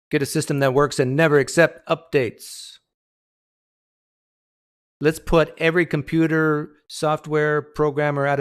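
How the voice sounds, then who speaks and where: A man hosting a casual livestream, joking sarcastically while he fights his microphone settings at a home streaming setup. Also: fairly high pitch. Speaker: host. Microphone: desktop streaming mic.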